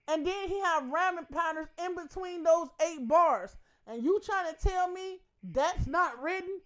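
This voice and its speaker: A woman's voice: very high voice, unhurried, few pauses. A woman hosting a radio show, breaking down a rap verse in emphatic, profane casual commentary full of rhetorical questions.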